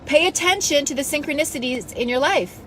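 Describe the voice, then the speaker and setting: Casting: woman, fairly high voice, self-help coach, fired-up and blunt, swears freely, faint noise behind, phone mic feel. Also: a little fast, a bit bright, rough recording. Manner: passionate, blunt, scolding, swears casually. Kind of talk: motivational talk to followers.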